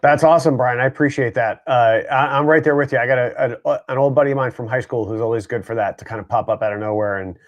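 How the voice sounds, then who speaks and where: A man's voice: mid-range voice, fast, few pauses, lo-fi sound. A man co-hosting a casual group chat, talking in an easygoing, rambling way with many fillers. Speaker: co-host.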